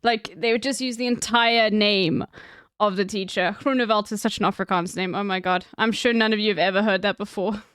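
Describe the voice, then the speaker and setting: A woman's voice: medium pitch, fairly even intonation, a little fast, fairly bright tone, smooth, no echo, clean studio sound. A woman streaming, talking casually and bluntly with plenty of fillers and swearing as she reacts to a video.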